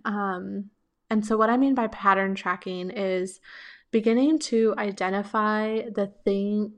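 A woman hosting a solo advice podcast, speaking in a reflective, gentle coaching tone and laughing lightly between thoughts. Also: medium pitch. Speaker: podcast host.

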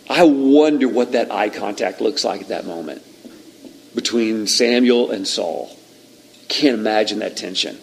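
A man preaching a sermon in a relaxed, conversational way, retelling a scripture story and acting out its moments. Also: mid-range voice, a little slow, gravelly, long pauses, rough recording. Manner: conversational, animated storytelling that acts out the scene. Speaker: pastor.

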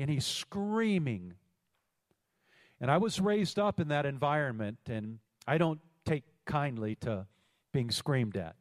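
A man's voice: medium pitch, expressive, takes it slowly. A man preaching a sermon as pastor, telling a story and calling out to the congregation for responses. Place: large church hall. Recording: long hall reverb.

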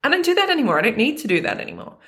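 A woman's voice: high-pitched, wildly swooping pitch, very fast, fairly bright tone. A young adult woman coaching on food and body image, talking earnestly and emotionally straight to her viewers in a personal monologue.

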